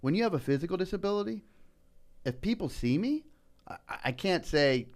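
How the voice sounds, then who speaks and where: A middle-aged man telling personal stories in a casual podcast chat, earnest and animated, often saying "man" and "you know". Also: fairly high pitch, normal speed. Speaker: political candidate guest.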